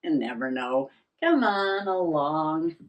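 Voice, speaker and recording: A woman's voice: deep voice, lively intonation, slow, lo-fi sound. An older woman vlogging in a rambling, self-mocking way, laughing often and a little out of breath. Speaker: journaling vlogger. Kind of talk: casual chat.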